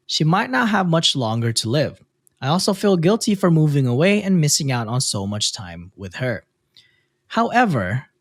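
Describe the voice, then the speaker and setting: A man reading forum posts aloud on a casual podcast, his pitch rising and falling a lot as he goes. He stops for quick asides to his co-hosts. The sound is dry and close to the mic. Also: no room sound.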